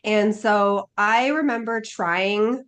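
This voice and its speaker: A woman's voice: medium pitch, slow pace, fairly bright tone, smooth. A woman life coach talking as a podcast guest, with a mid-range voice. She speaks earnestly and thoughtfully and fills her sentences with casual likes. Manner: earnest and reflective, many filler likes. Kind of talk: casual interview chat.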